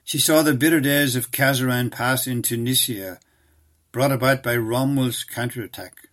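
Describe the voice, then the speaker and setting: A man giving scripted documentary narration in a measured, even reading style. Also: medium pitch.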